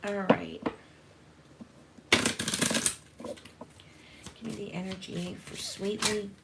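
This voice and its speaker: A woman's voice: medium pitch, big pitch swings, very slow, heavy background noise. A woman hosting a live tarot reading, chatting casually with viewers and calling them honey. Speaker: tarot reader and livestream host.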